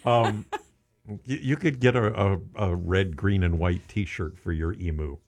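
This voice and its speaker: A man with a fairly low voice hosts a casual radio chat. He jokes easily and often trips over his words, restarting his lines. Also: measured pace, darkish tone. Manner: jokey, playful, stammers with restarts. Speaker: radio show host.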